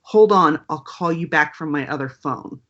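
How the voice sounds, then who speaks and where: A secretive, lonely older lady on the phone, put on by a woman telling a story. She speaks slowly and quietly. The sound is dull and lo-fi. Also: deep voice. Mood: hushed. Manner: hushed, slow.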